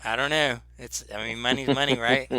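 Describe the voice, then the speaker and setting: A man's voice: mid-range voice, flat delivery, moderate pace, pushed and bright, no echo. A man running a tabletop game as game master, laid-back and rambling with lots of fillers.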